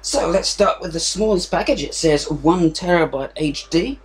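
A man's voice: fairly high pitch, lively intonation, normal speed. A man chatting casually while unboxing a package at home, rambling and self-deprecating as he thinks aloud, with a fan running in the room. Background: fan noise.

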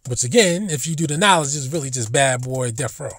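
A man's voice: mid-range voice, expressive, a little fast, fairly bright tone, no echo. A man ranting bluntly and profanely in a casual vlog monologue, recorded in a car. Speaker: vlogger.

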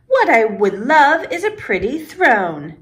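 A woman's voice: on the high side, big pitch swings, slow. A woman voicing a dramatic, bossy young girl princess as she reads a storybook aloud. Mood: playful. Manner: grand, commanding.

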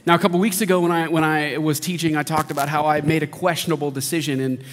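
Casting: thirties male pastor, slightly high voice, animated storyteller, church hall reverb. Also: fast talker. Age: 30s. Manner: lively joking storyteller, animated. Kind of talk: sermon with humorous storytelling.

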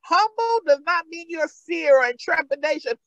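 A woman's voice: very high voice, animated, moderate pace, dry recording, muffled recording. A woman pastor with a New York accent, preaching a sermon with fervent, repeated calls.

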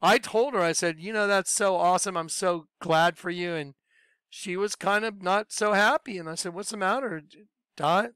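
A man's voice: moderate pace, clear, resonant tone, no room sound. A middle-aged man preaching and telling a personal testimony in an earnest, conversational way. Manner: earnest, conversational, drops to soft low voice when recalling.

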